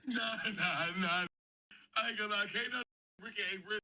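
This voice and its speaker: A man's voice: high voice, a little fast, sharp tone. A man talking hesitantly in casual chat, stumbling over his words, from away from the mic. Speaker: friend on the stream. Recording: distant voice off mic.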